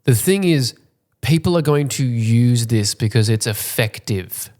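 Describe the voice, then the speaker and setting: A young man co-hosting a casual podcast, dry and teasing, who jumps into higher voices when he quotes people. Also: lively intonation, a little slow, a little mellow. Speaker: podcast co-host. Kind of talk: casual chat.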